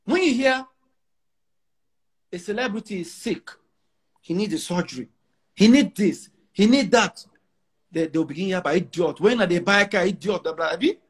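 A man's voice: high-pitched, animated, normal speed, long pauses, breathy edge. A Nigerian man in his forties, a musician giving an interview, talking in an emphatic, boastful way in Nigerian English mixed with Pidgin, often repeating himself.

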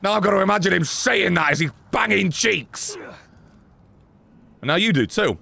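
A man doing gameplay commentary, loud and sarcastic, swearing and shouting at the game. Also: sits high, expressive, moderate pace, gravelly. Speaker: gaming streamer.

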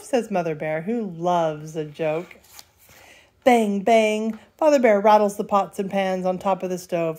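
Grandma reading a bedtime story, playful and lively, kinda mellow warm tone. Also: female voice, mid-range voice, slow pace. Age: older. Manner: lively, playful, does character voices. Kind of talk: storybook read-aloud.

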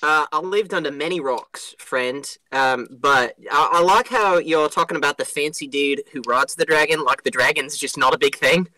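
A man's voice: a little high, moderate pace, hardly any pauses, pushed and bright, no room sound, poor audio. A man playing his character in a tabletop game, curious and wry, asking questions. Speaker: player.

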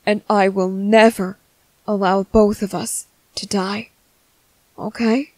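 A woman voicing a tender young man comforting his partner in a whispered role-play, speaking softly, slowly and reassuringly. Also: medium pitch, little pitch movement, no room sound, rough recording. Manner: soft, slow, reassuring.

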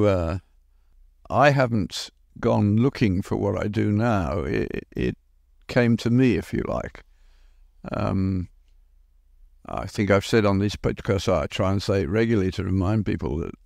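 Older man, low gravelly voice, dry close sound, wry anecdotal storyteller. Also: darkish tone, no echo. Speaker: podcast speaker. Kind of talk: reflective storytelling talk.

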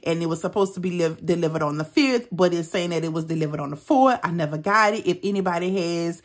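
A woman hosting a budgeting vlog, telling a personal story in casual chat, emphatic and animated, with casual swearing. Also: on the low side, fast. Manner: casual, with frequent mild swearing. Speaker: budgeting channel host.

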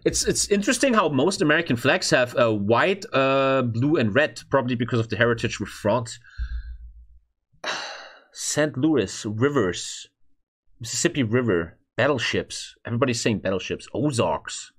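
A man's voice: mid-range voice, expressive, moderate pace. A European man streaming casual reaction commentary, blunt and profane, reading chat aloud as he thinks.

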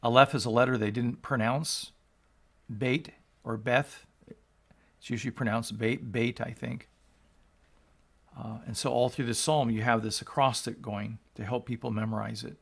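Gravelly-voiced male pastor teaching scripture. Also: mid-range voice, fairly even intonation, moderate pace, a bit bright. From United States. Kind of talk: scripture reading and exposition.

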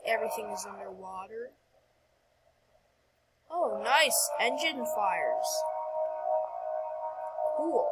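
A woman's voice: on the high side, animated, takes it slowly, long pauses, loud music behind the voice, poor audio. A woman giving casual, playful commentary over her gameplay, talking to herself and dropping whispered asides.

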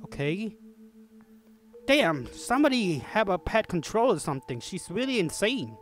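A man's voice: sits high, sing-song, normal speed, faint music behind. A young man with playing a horror game on his own channel, talking to the characters and yelping when startled. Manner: jumpy, yelps and screams when startled, talks to the game character. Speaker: gaming YouTuber. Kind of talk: horror game let's play commentary.

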